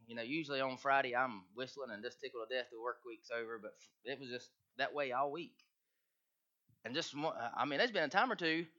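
A man's voice: mid-range voice, sharp tone, dull audio. A man, preaching a sermon as pastor with earnest, emphatic appeals.

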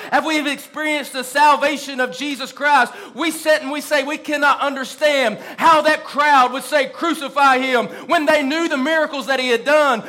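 A man preaching a fervent sermon in a church, rising to shouts and drawing out quoted lines. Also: extremely high pitch. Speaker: pastor.

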